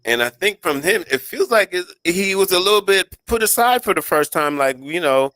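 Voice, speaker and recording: A man's voice: high-pitched, expressive, normal speed, few pauses, sharp tone, dry recording. A man hosting a casual sports radio talk show, rambling and restarting as he reads out listener comments.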